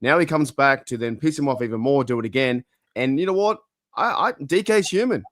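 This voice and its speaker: A man's voice: mid-range voice, expressive, brisk, fairly bright tone, dry recording, clean studio sound. A man, co-hosting a podcast in casual chat, rambling through stories and swearing casually. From Australia. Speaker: podcast co-host.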